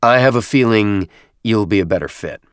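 A man voicing a commanding military captain who shouts on the parade ground but stays friendly and relaxed in conversation. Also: moderate pace, clean tone, no room sound, studio quality, close to an everyday voice. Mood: easygoing. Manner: booming parade-ground calls, easy officer's banter.

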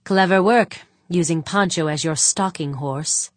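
A woman voicing a scheming male board member who speaks slowly and calmly, with quiet sarcasm. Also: on the low side, no room sound, natural voice. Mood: cold. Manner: slow, measured, quietly sarcastic. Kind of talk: audiobook character voice.

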